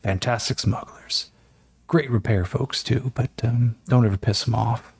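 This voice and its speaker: A man voicing Yakeem, a gruff, seasoned male guide who talks in a blunt, profane, matter-of-fact way. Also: medium pitch, steady tone, a little slow, a little mellow, no room sound. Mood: explaining.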